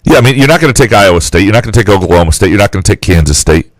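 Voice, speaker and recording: Male podcast co-host, very low voice, dry close mic, brisk opinionated chat. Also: expressive, no echo, poor audio. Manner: brisk, opinionated, thinking aloud. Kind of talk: casual sports chat.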